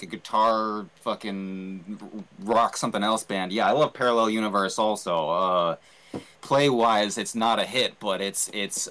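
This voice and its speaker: Low-voiced guy raving on a podcast, trips over his words, swears. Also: a bit bright. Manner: enthusiastic, halting, profane. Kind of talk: casual chat reviewing an album.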